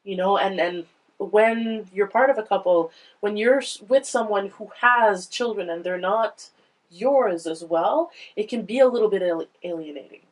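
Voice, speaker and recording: A woman panellist on a podcast, talking through a children's book in a thoughtful, halting way. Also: medium pitch, low-quality recording. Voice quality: halting, restarts often, thoughtful. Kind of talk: casual book discussion.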